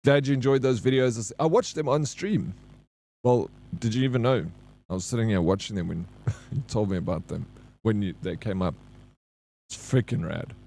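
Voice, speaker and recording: A man's voice: on the low side, normal speed, creaky, warm tone, slight background noise. A man with a South African accent, a live streamer chatting casually and rambling with his viewers. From Johannesburg, South Africa. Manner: loose and rambling, reads chat aloud, laughs easily.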